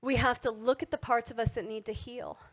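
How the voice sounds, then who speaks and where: A middle-aged woman giving a motivational wellness talk to an audience, animated and asking frequent tag questions. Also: on the high side, brisk. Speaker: wellness speaker.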